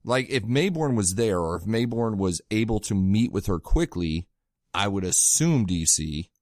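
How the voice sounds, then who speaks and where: Deep-voiced man, swearing and excitable. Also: normal speed, no room sound, clean studio sound. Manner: excitable, swears a lot, animated retelling. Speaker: podcast co-host. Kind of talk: casual chat.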